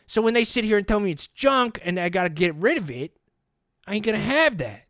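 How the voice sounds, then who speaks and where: A man hosting a podcast, telling a comic story with animated delivery and acted-out voices. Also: sits high, a little fast, dry recording, studio quality. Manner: animated, acts out quoted voices. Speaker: podcast host. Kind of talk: comedic storytelling.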